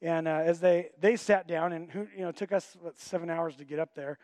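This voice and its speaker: A man's voice: a little high, steady tone, a little fast, a little mellow, no echo, clean studio sound. A middle-aged man, a pastor, telling a personal story in a sermon, conversational with frequent restarts.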